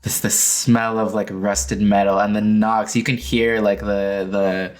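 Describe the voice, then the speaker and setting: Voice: sits low, little pitch movement, a little slow. Rambling gm describing the scene, lots of ums, music in the back. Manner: rambling, full of fillers and restarts. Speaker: game master. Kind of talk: narrating a tabletop game.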